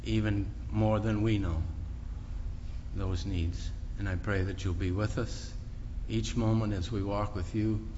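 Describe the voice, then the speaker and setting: A man's voice: lowish voice, steady tone. A man leading a solemn pastoral prayer in a church service. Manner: slow, solemn praying. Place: church sanctuary. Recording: muffled church recording, long hall reverb, background noise.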